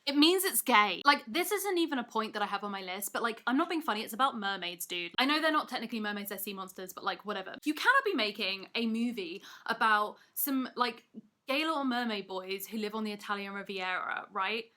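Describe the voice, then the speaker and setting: Bright, excitable woman ranting to camera. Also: medium pitch. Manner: excitable, rapid, emphatic, self-mocking. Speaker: video essayist host. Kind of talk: energetic comedic rant to camera. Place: rented apartment room, indoors. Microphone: camera mic, seated in wheeled office chair.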